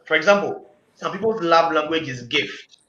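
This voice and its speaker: A man's voice: on the high side, lively intonation, normal speed, bright, forceful tone. A man, a panel guest in a casual group discussion, talking emphatically and preachily and repeating phrases for emphasis. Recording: echoey room, dull lo-fi sound.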